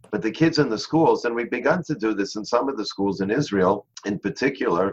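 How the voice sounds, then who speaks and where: A man guest in an interview, telling a story in an earnest way and slowing down on key phrases. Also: on the low side. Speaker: interview guest, charity founder. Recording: dull lo-fi sound.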